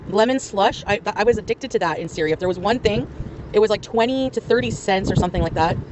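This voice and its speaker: A woman's voice: mid-range voice, fast talker. Woman streaming outside, lots of likes and you knows, cars and street noise behind. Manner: rambling, filler-heavy chatter. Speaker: livestreamer. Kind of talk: casual livestream chat.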